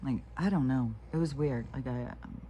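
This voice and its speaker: A woman's voice: extremely low pitch, normal speed, dark tone, a little hiss or hum. A woman talking to camera in a meandering, frank monologue, swearing freely and often restarting her sentences. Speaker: vlogger. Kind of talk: rambling casual monologue.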